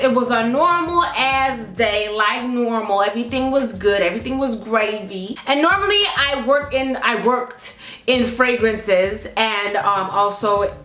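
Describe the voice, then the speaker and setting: High-voiced sassy young woman vlogging. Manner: sassy, animated and blunt, swinging into a loud put-on diva voice. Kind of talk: casual storytime vlog. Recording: echoey room with faint music.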